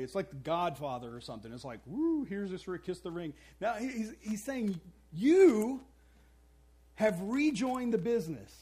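Animated, high-voiced male preacher. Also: breathy edge. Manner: animated storytelling with playful asides and acted-out voices. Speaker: pastor. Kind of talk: sermon.

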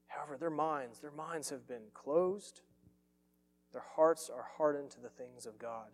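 A man preaches with an earnest, emphatic delivery, leaning on repeated phrases to drive each point home. His voice sits a little high for a man, and it rings out with a long reverb tail, as if he were in a large sanctuary. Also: unhurried. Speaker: pastor. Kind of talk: sermon.

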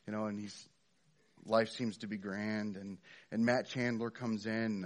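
Conversational middle-aged male preacher. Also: on the low side. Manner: conversational, frequent fillers and restarts. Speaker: pastor. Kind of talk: sermon.

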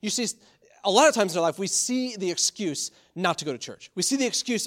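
A man's voice: high-pitched, lively intonation, fairly quick, a bit bright. A middle-aged man, a pastor, preaching a sermon with repeated, urging calls and frequent restarts. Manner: repetitive, exhortative preaching with fillers and restarts.

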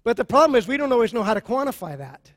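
A man with a high voice preaches to a congregation, pressing his points with emphasis and slow repetition. His voice rings out in a large hall with a long reverb tail. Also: sing-song. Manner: emphatic, repeats key phrases slowly. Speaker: pastor. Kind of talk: sermon on marriage.

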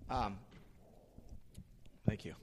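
A man preaching a sermon as a pastor, animated, rising for emphasis and slowing on key lines. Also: noisy background. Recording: long hall reverb.

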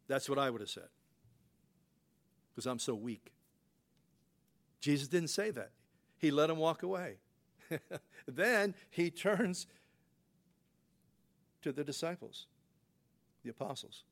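A man's voice: a little high, slow pace, pauses often. A man preaching a conversational sermon as a pastor, folksy and full of rhetorical questions. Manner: folksy, rhetorical questions, frequent "you know" fillers.

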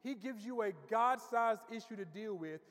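A man's voice: high voice, normal speed, fairly bright tone. A man preaching a sermon as pastor, building with rising emphasis and repeating words as he goes. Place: church sanctuary. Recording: long reverb of a church hall.

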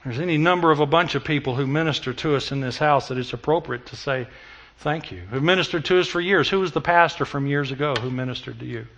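A middle-aged man preaching a sermon, telling stories and moving between loud emphatic passages and hushed, intimate ones. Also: fairly high pitch, fast talker, lo-fi sound. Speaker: pastor.

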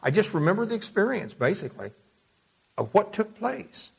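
A man preaching a verse-by-verse sermon, reading scripture aloud and slowing down to dwell on key words. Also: high-pitched, very animated, vocal fry, husky. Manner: measured teaching, slows to dwell on key words; reads scripture aloud in King James wording. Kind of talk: expository sermon.

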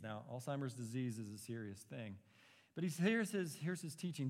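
A man's voice: mid-range voice, lively intonation, brisk. Man preaching in a long reverb. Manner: earnest, emphatic preaching with rising rhetorical questions. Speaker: pastor. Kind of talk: expository sermon.

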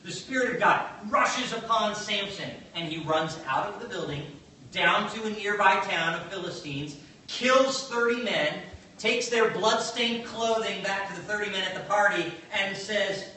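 A man preaching a sermon in an animated, conversational way, telling a story and acting out the quotes. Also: sits high, a little hiss or hum. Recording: very echoey, distant mic, faint ambience.

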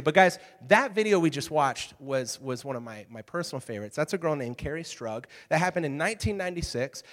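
A man in his thirties speaking to a live group, telling stories in an energetic, animated way with asides to the crowd. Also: a little high. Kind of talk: energetic talk to an audience. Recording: reverberant hall.

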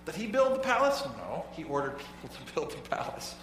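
A male pastor preaching a sermon to his congregation in a casual, halting way, often repeating words as he goes. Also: a little high, wildly swooping pitch, a bit bright, a little hiss or hum. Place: church sanctuary. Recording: echoey hall, voice from far off.

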